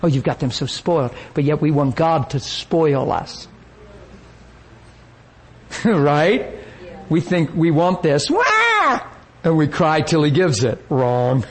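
A man preaching a sermon, telling a story with lively energy and acting out the people he quotes. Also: a little high, poor audio.

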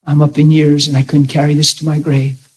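A man voicing a remorseful old neighbor, tearful and earnest, in a slightly husky voice. He speaks plainly, with little change from a preacher's own tone, as a story told in a sermon. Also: fairly high pitch, monotone, a little fast, a little mellow, rough recording.

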